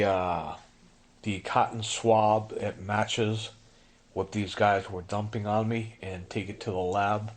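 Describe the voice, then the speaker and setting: A man's voice: lowish voice, a little hiss or hum. A middle-aged man telling his own story in an impassioned monologue, urgent and pleading, repeating himself and appealing straight to the listener.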